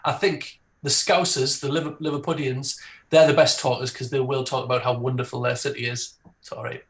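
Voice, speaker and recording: Un cómico de Newcastle con acento geordie, que charla en tono de broma en un programa de llamadas. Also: male voice, mid-range voice, little pitch movement, fairly quick, noisy background. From Newcastle, England. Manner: jokey, mimics regional accents. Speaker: comedian guest. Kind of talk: casual chat on a call-in show. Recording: roomy echo.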